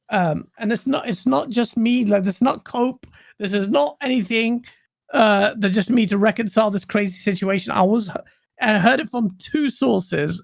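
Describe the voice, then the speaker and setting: A gaming stream co-host ranting casually, animated, swearing and laughing often. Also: mid-range voice, gravelly, no room sound, studio quality.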